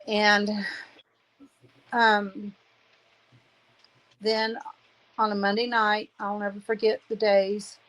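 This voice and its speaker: A woman's voice: mid-range voice, flat delivery, drawn-out words, pauses often, fairly bright tone, poor audio. A woman in her fifties giving an emotional personal testimony, aggrieved and earnest, repeating phrases for emphasis. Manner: aggrieved, indignant.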